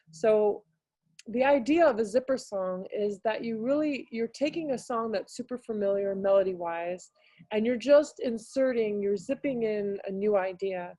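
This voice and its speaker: A woman's voice: moderate pace, mellow, dry recording. A woman giving a casual, filler-heavy webinar talk on a video call. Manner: casual and hesitant, many fillers, bursts into high singing demonstrations. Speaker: music teaching artist presenter.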